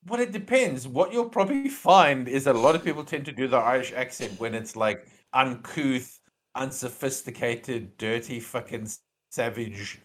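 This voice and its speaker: A man's voice: mid-range voice, moderate pace. A man talking through his opinions on a casual podcast, often stalling on fillers and restarting his sentences. He gets more insistent and emphatic when he pushes back on a point. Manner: rambling, hesitant, with many fillers and restarts. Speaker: podcast co-host. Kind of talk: casual chat.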